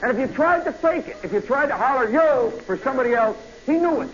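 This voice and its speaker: High-voiced man spinning a rambling yarn. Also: quick pace. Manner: rambling, animated, many asides and "you know"s. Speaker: radio host. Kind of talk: radio storytelling monologue. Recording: muffled old radio broadcast with faint hiss.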